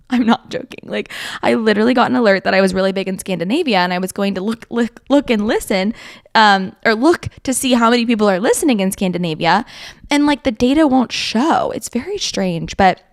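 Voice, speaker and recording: A young woman chats through her solo podcast in a loose, self-mocking way and laughs often. Her pitch sits mid-range for a woman. The recording is dry and close, with no room echo. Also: lively intonation, brisk. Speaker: podcast host. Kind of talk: casual solo podcast chat.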